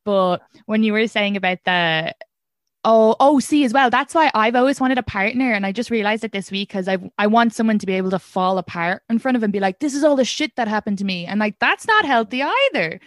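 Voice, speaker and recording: A young woman hosting a podcast, chatting casually and rambling with quick laughs. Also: mid-range voice, expressive, dry recording, clean studio sound. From abroad from the guests. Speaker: podcast host. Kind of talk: casual interview chat.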